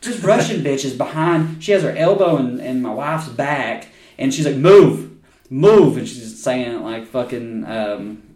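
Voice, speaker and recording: A man's voice: medium pitch, normal speed, a little mellow, recorded from a distance. A man, hosting a podcast and telling a story in casual, profane chat, laughing often. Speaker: podcast host. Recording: echoey room, off-mic.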